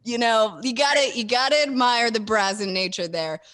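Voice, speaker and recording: A woman's voice: on the high side, normal speed, a bit bright. A woman hosting a radio show, chatting casually with her guests and laughing along. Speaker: radio host. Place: radio studio.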